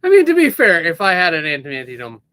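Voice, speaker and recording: A man's voice: a little high, wildly swooping pitch, fast talker, fairly bright tone. A man co-hosting a casual movie podcast who throws in wry, teasing quips. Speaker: podcast co-host. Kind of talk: casual movie review chat.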